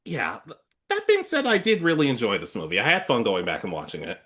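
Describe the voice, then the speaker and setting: Man, casual anime review chat, lively swinging pitch, bright tone. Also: fast talker. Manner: animated, joking, quotes characters in put-on voices. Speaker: anime review podcast co-host.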